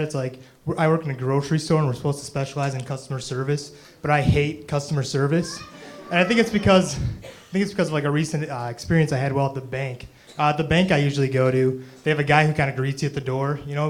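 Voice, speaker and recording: A young man, with a fairly high voice for a man, performs a rambling stand-up set in a small club. He tells his stories with a self-deprecating, loose delivery packed with fillers. A faint room hiss sits under the live recording. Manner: rambling, self-deprecating, full of "you know" and "um". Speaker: stand-up comedian.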